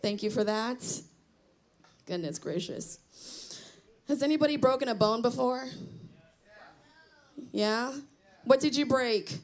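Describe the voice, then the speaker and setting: A woman's voice: a little high, slow, pauses often. A middle-aged woman doing a self-deprecating stand-up comedy set on a small theater stage, chatting with the crowd. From Cambodian heritage.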